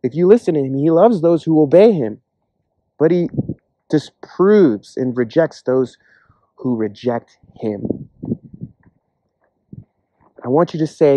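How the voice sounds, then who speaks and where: A man's voice: a little high, sing-song, mellow, no echo, dull audio. Guy giving a laid-back sermon, darkish tone, dry sound, kinda earnest, slips into little character voices. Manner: earnest, acts out imagined voices in quick asides. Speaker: preacher. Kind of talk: casual sermon.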